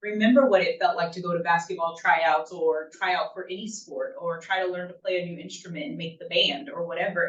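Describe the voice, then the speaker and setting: A woman's voice: lowish voice, fairly bright tone. A woman presenting a talk to a group of parents, speaking conversationally and often checking in with "right?". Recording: roomy, distant, dull lo-fi room sound.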